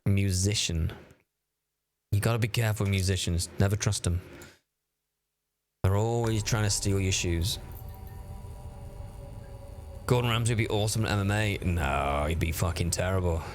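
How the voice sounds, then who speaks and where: A man's voice: deep voice, moderate pace, pauses often, slight background noise. A man, streaming a game and chatting casually with his viewers, swearing freely as he reacts to their messages. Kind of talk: casual gameplay commentary, reading chat.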